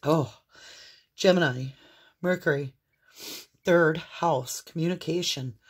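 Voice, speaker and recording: A woman's voice: low-pitched, slow, breathy edge. A woman giving an intuitive tarot reading to viewers, earnest and exclamatory, with fits of coughing. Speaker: tarot reader.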